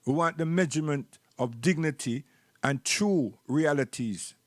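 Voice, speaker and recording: A man's voice: a little high, measured pace, no echo, studio quality. A man with a Jamaican accent giving rambling, preachy live-stream commentary and repeating words while he searches for the next one.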